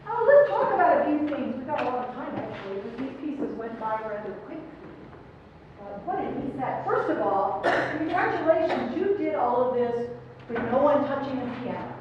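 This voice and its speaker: A woman's voice: sits high, very animated, normal speed, background noise. A middle-aged woman giving encouraging choral clinic feedback to a choir, asking the singers questions. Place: large performance hall. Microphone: distant room mic. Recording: echoey hall, distant mic, muffled.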